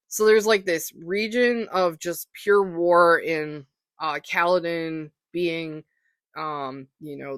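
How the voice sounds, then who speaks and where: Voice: mid-range voice, a bit bright, no room sound, clean studio sound. A podcast host talking through books in a casual solo monologue, rambling and hesitant with lots of fillers, enthusiastic and self-deprecating.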